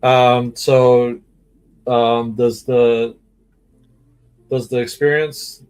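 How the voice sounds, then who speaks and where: A man playing a tabletop role-playing game over a voice call. He talks haltingly, restarting sentences and filling them with uhs. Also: medium pitch, little pitch movement, darkish tone, clear, resonant tone, faint music behind. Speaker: player.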